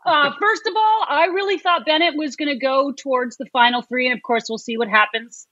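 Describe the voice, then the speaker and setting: A woman guest on a podcast, giving animated opinions in casual chat. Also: high voice, brisk, no room sound. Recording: dull lo-fi sound.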